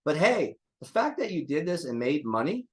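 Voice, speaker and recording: A man's voice: on the high side, sing-song, normal speed. An older man, a drummer being interviewed, talking bluntly and casually with jokes and swearing. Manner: blunt, joking, swears freely. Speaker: drummer guest.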